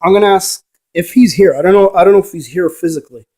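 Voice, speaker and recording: A man's voice: high-pitched, fast, dark tone, slightly rough. A man who investigates ghosts, giving a rambling, preachy monologue and arguing with the viewer through rhetorical questions. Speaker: paranormal investigator.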